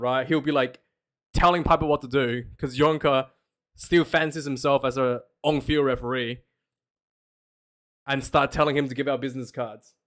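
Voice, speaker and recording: A man streaming casual live commentary on a match, chatty and jokey, prone to loud incredulous rants. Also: medium pitch.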